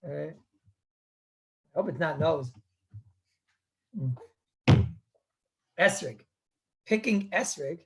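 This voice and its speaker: Rabbi, man, throat-clearing online class. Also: a little high, expressive, drawn-out words, long pauses. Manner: conversational, repeats words, clears throat often. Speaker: rabbi teaching Jewish law. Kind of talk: live online Torah class.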